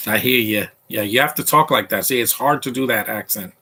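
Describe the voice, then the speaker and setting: A man's voice: fairly low pitch, a little fast, sharp tone, breathy edge. A man hosting a casual movie commentary podcast, talking in an opinionated, rambling way with frequent restarts.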